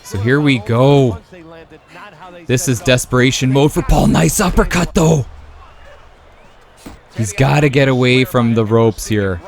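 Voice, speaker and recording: A man hosting his own channel, giving casual, excitable play-by-play commentary on a simulated boxing video game and tossing in "man" and "brother" as he talks. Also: medium pitch, unhurried. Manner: excitable, jumps to loud exclamations at big moments. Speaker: YouTube sports host.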